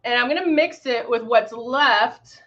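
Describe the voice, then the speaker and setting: A woman's voice: fairly high pitch, a little slow, a bit bright, muffled recording, a little hiss or hum. A woman casually demonstrating airbrush makeup on a livestream, greeting viewers by name while she works. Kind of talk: casual live makeup demo chatting with viewers.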